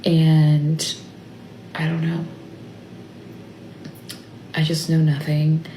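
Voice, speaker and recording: A tearful woman recording a personal video diary, talking haltingly and trailing off into near-whispers. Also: deep voice, monotone, warm tone, echoey room, a little hiss or hum, low-quality recording. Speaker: mother vlogging about family illness. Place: stepped away from her workplace. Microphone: phone.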